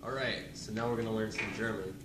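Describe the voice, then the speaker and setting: A young man with a low voice gives casual instructions, stopping often with ums before quick bursts of speech. He is far from the mic in an echoey room with clear noise behind him. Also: fairly even intonation. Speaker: student presenter.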